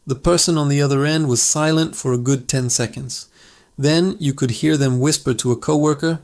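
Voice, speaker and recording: A man's voice: mid-range voice, fairly even intonation, moderate pace, darkish tone. A man hosting his channel, telling funny stories in an upbeat, conversational narration. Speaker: channel host. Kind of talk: scripted storytelling narration.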